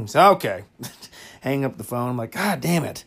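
Man, podcast host, crude casual storytelling, laughs a lot, rambling, mid pitch. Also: sing-song, measured pace, husky.

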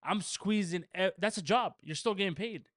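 A man co-hosting a casual podcast chat, excitable and profane, often restarting his sentences. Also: high-pitched, dry recording, clean studio sound. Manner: fast, excitable, laughs and swears, stumbles over restarts. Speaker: podcast co-host.

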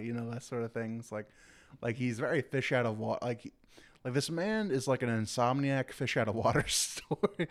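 A man's voice: medium pitch, fairly quick. Rambling man on a casual podcast. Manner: rambling, quotes scenes in playful put-on voices. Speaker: podcast co-host. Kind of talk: casual chat.

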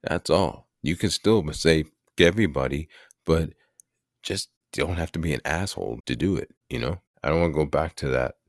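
A man's voice: extremely low pitch, dry recording, clean studio sound. A man hosting a podcast, talking through current issues in a rambling, irritated monologue with frequent restarts. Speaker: podcast host. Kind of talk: casual opinion monologue.

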